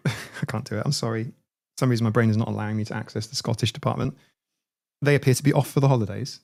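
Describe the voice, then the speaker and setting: A man's voice: mid-range voice, fairly even intonation, fast, gravelly, a little mellow. A man hosting a livestream in a casual, rambling chat. He laughs often and restarts his words. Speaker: livestream host.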